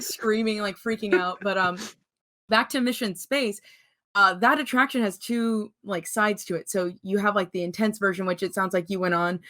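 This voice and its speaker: A woman's voice: mid-range voice, bright, forceful tone. Giggly young woman telling a story. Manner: giggly, laughs through her stories. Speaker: podcast guest. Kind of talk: casual chat.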